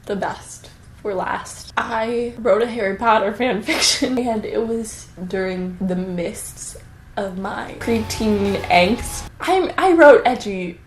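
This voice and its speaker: A young woman vlogging casually and reading her old writing aloud in a self-mocking, animated way. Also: mid-range voice, slow pace, a little hiss or hum. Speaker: YouTuber. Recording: echoey room with faint music.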